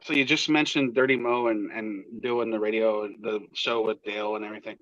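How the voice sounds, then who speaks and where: A man's voice: fairly low pitch, steady tone, fairly quick, fairly bright tone, lo-fi sound. A man co-hosting a podcast, chatting casually and mostly adding brief agreeing remarks. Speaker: podcast co-host. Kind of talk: casual chat.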